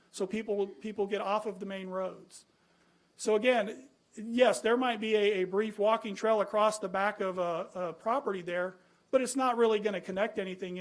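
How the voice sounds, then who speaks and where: A man from California making an earnest public comment at a town planning meeting, presenting slides and arguing with rhetorical questions and frequent restarts. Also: high voice. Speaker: citizen speaking at a planning commission.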